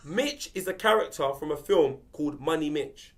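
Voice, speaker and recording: A man trades teasing football banter. His voice sits slightly high, and he tells stories in an animated way. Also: moderate pace. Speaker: panel regular.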